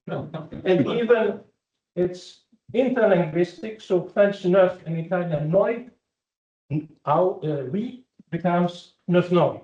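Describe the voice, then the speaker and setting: A man giving an academic conference talk, speaking as a with frequent fillers and pauses. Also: high voice, darkish tone, muffled recording. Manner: slow, halting, with many fillers. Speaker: conference presenter.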